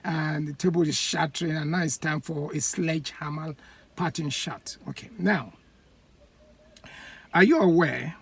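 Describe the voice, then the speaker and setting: A host from Edo State in Nigeria, speaking, giving a laughing commentary monologue with comic examples and halting fillers. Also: medium pitch, husky. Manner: animated, laughing, acts out voices.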